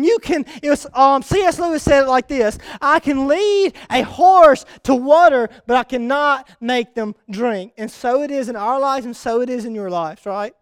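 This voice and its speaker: A man preaching a sermon, telling a rambling personal story with sudden excited bursts. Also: very high-pitched, smooth, no room sound. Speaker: pastor.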